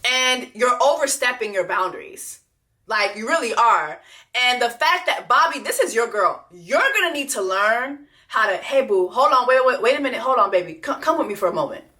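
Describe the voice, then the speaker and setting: Animated profane woman reacting. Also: on the high side, moderate pace. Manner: blunt, profane and animated, repeating lines for emphasis. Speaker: reaction video host. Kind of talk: unscripted reaction commentary.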